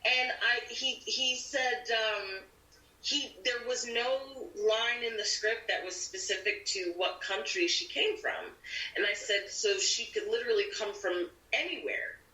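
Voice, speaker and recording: A woman's voice: fairly high pitch, a little slow. A woman actor, a podcast guest, chatting casually and acting out the people in her stories. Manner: animated, acts out quoted people. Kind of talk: casual storytelling chat. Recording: roomy audio from a distant mic.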